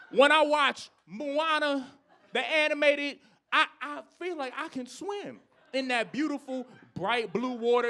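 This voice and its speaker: High, bright-voiced man doing stand-up. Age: 30s. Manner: animated, ranting, shifts between loud outbursts and low asides. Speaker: stand-up comedian. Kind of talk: stand-up comedy set. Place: comedy club stage.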